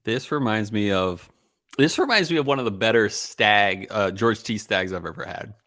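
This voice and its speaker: Low-voiced man rambling through a whiskey tasting. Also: normal speed, dry recording, clean studio sound. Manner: relaxed, rambling, full of ums and uhs. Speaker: podcast co-host. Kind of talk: casual whiskey tasting chat.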